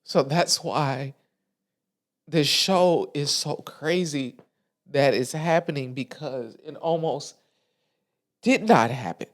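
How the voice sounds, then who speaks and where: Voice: mid-range voice, slow, long pauses. A podcast host giving a candid, emotional, colloquial monologue into a microphone, with frequent restarts. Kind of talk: casual heartfelt monologue. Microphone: studio microphone.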